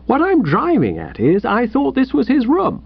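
A man voicing a hearty, flustered young upper-class gentleman who rambles and apologizes. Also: extremely high pitch, wildly swooping pitch, moderate pace, creaky, breathy edge, no room sound, dull audio, voice pushed up, full character voice.

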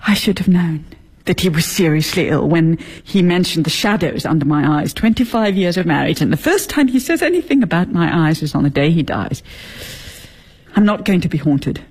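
A woman's voice: lowish voice, expressive, moderate pace, darkish tone, breathy edge. An actress playing a bitter, sarcastic middle-aged wife and mother in a radio drama. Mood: bitter, grieving. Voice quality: cutting, sarcastic.

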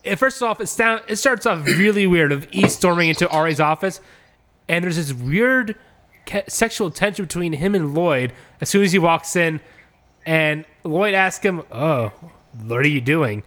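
A man's voice: high-pitched, normal speed, a bit bright. A man hosting a podcast in casual comedic chat, brash and profane. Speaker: podcast host.

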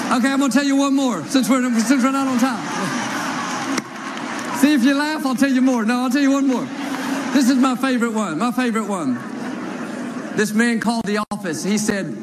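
A man's voice: very high-pitched, moderate pace. A man preaching a sermon in a church, leading the congregation in call-and-response and telling folksy jokes. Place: large church. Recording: noisy live church recording.

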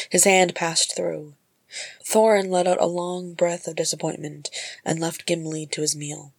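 A woman reading a storybook chapter aloud in a measured, soft narration. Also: low-pitched, flat delivery, creaky, no echo. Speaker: audiobook reader.

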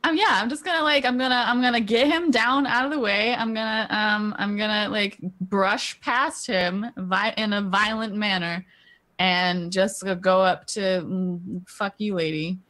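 A woman playing in a tabletop game, impulsive and quick to laugh. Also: medium pitch, sharp tone. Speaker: player.

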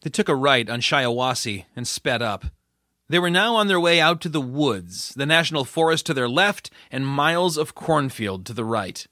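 A man narrating a story in a steady, measured way. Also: a little high, no echo, clean studio sound. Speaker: audiobook narrator. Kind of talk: scripted narration.

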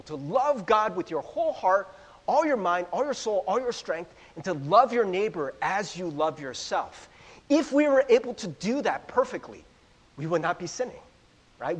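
Animated high-voiced man preaching in a hall. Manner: chatty, asks the audience "right?" often, self-deprecating. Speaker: Bible teacher. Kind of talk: casual conversational sermon. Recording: long hall reverb.

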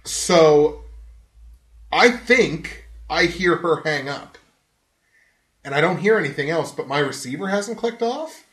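A fairly high-voiced man tells a rambling story on a podcast, swearing freely and breaking into laughter. He's animated and casual, and the recording has a roomy echo around him. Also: slow pace, long pauses. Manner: animated, profane, laughs often while telling stories. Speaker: podcast host.

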